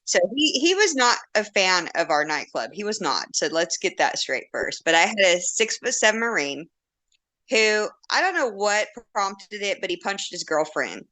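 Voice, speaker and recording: A woman's voice: medium pitch, very animated, normal speed, sharp tone. A woman in her forties, a podcast guest telling a story in casual chat, blunt and candid, acting out quotes and laughing often.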